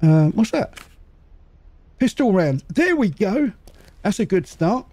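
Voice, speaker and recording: A man casually commentating a game as he plays, muttering to himself and making quick jokes. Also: high-pitched, very animated, mellow. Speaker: gaming channel host. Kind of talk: casual let's-play commentary.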